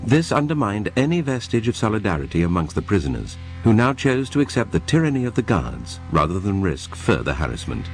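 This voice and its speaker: Male documentary narrator, very deep voice, lively intonation, scripted narration. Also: soft background music. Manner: measured and dramatic.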